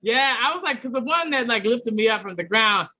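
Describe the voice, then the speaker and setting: A man with a high, bright voice tells a comic story on a podcast. He is animated and throws himself into acting out everyone else's lines. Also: a little fast. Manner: animated, acts out other people's lines. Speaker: comedian guest.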